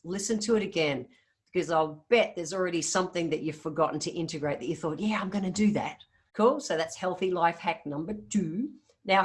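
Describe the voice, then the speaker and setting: A woman with an Australian accent hosting a casual solo health podcast, upbeat and chatty, talking straight to her listeners. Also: fairly low pitch. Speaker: podcast host.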